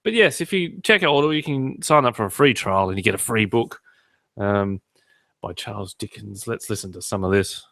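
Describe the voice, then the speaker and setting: A man's voice: fairly low pitch, expressive, a little fast, vocal fry, a bit bright, no room sound, clean studio sound. A man hosting a podcast in casual chat, cracking irreverent jokes. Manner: joking, irreverent banter. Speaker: podcast host.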